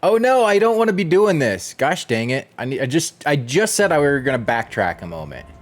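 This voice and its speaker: A man's voice: on the high side, sing-song, a little fast. A man chatting casually with viewers while he streams a video game, rambling and chuckling as he goes. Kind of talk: casual gameplay chat.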